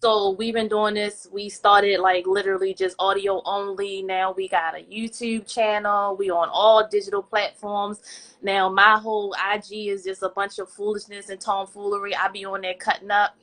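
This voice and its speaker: On a podcast live stream, a female guest talks casually in a mid-range voice at normal speed. She's an animated storyteller who performs the quoted lines in her anecdotes.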